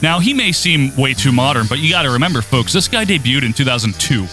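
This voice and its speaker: A man's voice: mid-range voice, lively intonation, fast, over music. A man hosting a casual podcast, talking in an upbeat, announcer-like way. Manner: upbeat, announcer-like sing-song intro. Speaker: podcast host.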